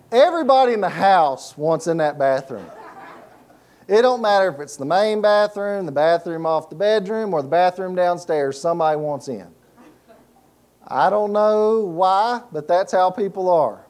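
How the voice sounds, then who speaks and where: A man's voice: a little high, a little mellow. A middle-aged man preaching a sermon, telling folksy stories and asking the congregation to fill in words. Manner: folksy storytelling with laughs and call-and-response questions. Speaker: pastor.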